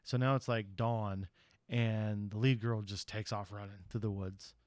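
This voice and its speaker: A man's voice: fairly low pitch, steady tone, unhurried, dry recording. A man on a podcast casually retelling a horror movie's plot in a rambling way, acting out the characters' lines and swearing loosely. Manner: loose, profane slang. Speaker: podcast host.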